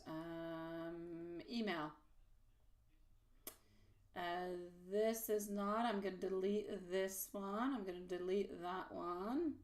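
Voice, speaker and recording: A woman with a fairly low, darkish voice hosts a live tarot reading, chatting warmly with viewers and calling them pet names. She laughs often and tosses in quick asides, sounding a little distant from the mic.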